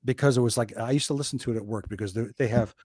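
A man's voice: mid-range voice, rapid-fire, slightly rough, dry recording. A man from New Jersey, a guest on a podcast, telling stories in a casual chat and acting out the quotes. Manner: animated storyteller, acts out quotes.

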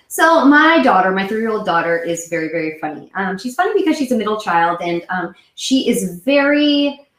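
A woman in her thirties hosting a live web show for moms, chatting casually to camera and often wandering off topic. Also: on the low side. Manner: chatty, rambling, self-correcting. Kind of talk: casual solo chat to camera. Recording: echoey room.

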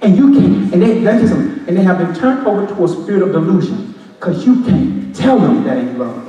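A high-voiced man preaches with passion, moving between shouts, half-sung lines and loose street talk. He is heard from far off in a church hall with a long, ringing echo. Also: lively intonation, quick pace, highs cut off. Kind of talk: Pentecostal sermon. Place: church sanctuary.

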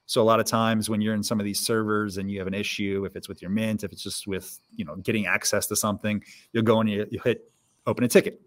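Casting: lower-voiced male podcast co-host, emphatic and direct, repeats key points. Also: flat delivery, fast. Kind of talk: casual chat.

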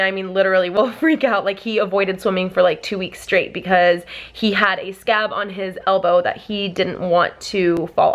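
A woman's voice: mid-range voice, a bit bright. A young woman, a mother and family vlogger, telling a story to the camera in a chatty way, full of fillers and laughter.

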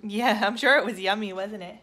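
A woman's voice: mid-range voice, fairly quick, bright, forceful tone. Chatty young mom rambling on her sofa. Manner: rambling, chatty, many fillers like "like" and "um". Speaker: family vlogger and mother. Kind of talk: casual chat to camera. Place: living room sofa at home.

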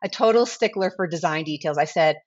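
A woman's voice: on the low side, a little fast, breathy edge. Brief: woman in her 40s, chatty storyteller guest, acts out quotes, slightly dull lo-fi audio. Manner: animated, acts out quoted dialogue. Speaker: guest, brand founder. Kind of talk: casual storytelling interview.

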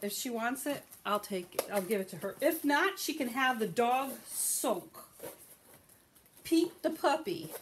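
A woman's voice: a little high, animated, a little slow, noisy background. A woman hosting a casual live-stream sale, chatting to buyers by name and talking through items as she looks for them. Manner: chatty, thanks buyers by name, talks while rummaging.

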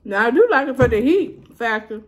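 A woman's voice: fairly high pitch, lively intonation, a little fast. A woman chatting casually to her viewers as she tastes and reviews food, humming and muttering between bites. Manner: mutters and hums while eating. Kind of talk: casual eating and review vlog.

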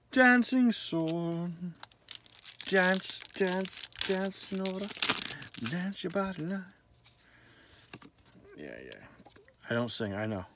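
A man's voice: mid-range voice, a bit bright. A man opening trading card packs, calling out each card's name in casual commentary with joking, self-deprecating asides. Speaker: card pack opener.

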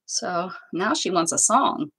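A woman's voice: on the low side, expressive, slow, bright, forceful tone, breathy edge, low-quality recording. A woman hosting a crafting livestream, chatting casually to herself and her viewers as she stamps, with playful sing-song asides. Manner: chatty, talks to herself and to live chat, playful made-up sing-song bits.

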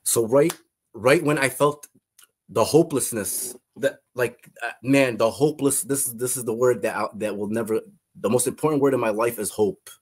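A man telling a personal testimony in a halting way, repeating and restarting his phrases. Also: mid-range voice, husky. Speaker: testimony guest.

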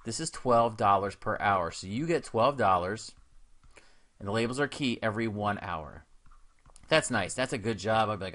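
A man's voice: fairly low pitch, expressive, moderate pace, a bit bright. A man talking through a recorded math lesson, upbeat and easygoing. He keeps it casual and encouraging and drops in slangy asides. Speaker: math teacher.

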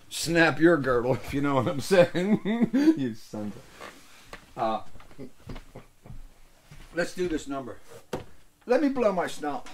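An older man hosting a show, telling salty, rambling anecdotes that lose the thread. He laughs at his own stories. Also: mid-range voice. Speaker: show host and musician. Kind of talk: rambling storytelling chat.

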